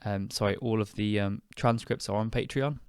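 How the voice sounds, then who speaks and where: A young British man hosting an English-learning podcast, speaking slowly and clearly in a chatty, relaxed way with fillers. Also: fairly low pitch, no room sound, clean studio sound. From United Kingdom. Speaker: podcast host and English teacher. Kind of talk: casual spoken lesson.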